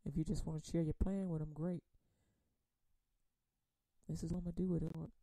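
A woman teaching a Bible study in a conversational preaching manner, repeating words and using folksy phrasing, then reading scripture slowly and with emphasis. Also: sits low, level tone, mellow, dry recording. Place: radio program.

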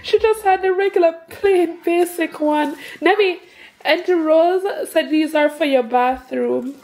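High-voiced, gushing young woman. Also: unhurried, a little mellow. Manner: gushing, emotional, laughs often. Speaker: family vlogger, mother. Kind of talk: casual unboxing vlog.

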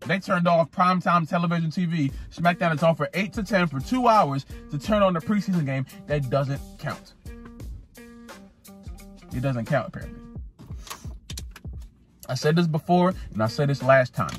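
Man vlogging, fairly high voice, ranting, stumbling and repeating words, faint music behind. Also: normal speed. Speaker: sports fan vlogger. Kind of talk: casual ranting vlog.

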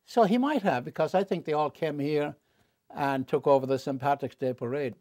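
A man in a candid interview, a wry and animated storyteller who jumps up in pitch for punchlines and drops low and quiet on serious confessions. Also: moderate pace, no echo, clean studio sound. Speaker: interview guest.

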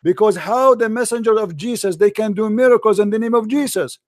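A man hosting a heated call-in debate, impatient and interrupting, scolding the caller and reading verses quickly. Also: high voice, a little mellow, no echo, clean studio sound. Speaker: debate host.

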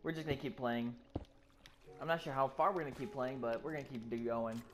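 A let's play gamer giving live gameplay commentary, excitable and swearing constantly while exploring. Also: mid-range voice, fairly quick, slight background noise.

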